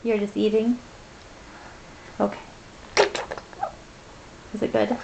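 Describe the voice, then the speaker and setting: A woman's voice: mid-range voice, level tone, slow pace, gravelly, lo-fi sound, noisy background. A mother in a home video, coaxing her baby with sing-song, encouraging baby talk.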